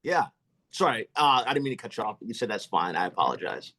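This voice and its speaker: A man's voice: on the low side, big pitch swings, quick pace, sharp tone. A man hosting a podcast, chatting with a guest in an enthusiastic, effusive, self-deprecating way. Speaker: podcast host. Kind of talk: casual interview chat.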